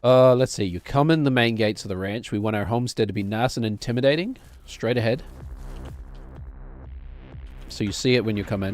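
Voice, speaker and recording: A man's voice: on the low side, fairly quick, long pauses, darkish tone, faint music behind. A man streaming a game, rambling and joking to himself as he plays. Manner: rambling, jokey, talks to himself while playing. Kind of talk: casual gameplay commentary.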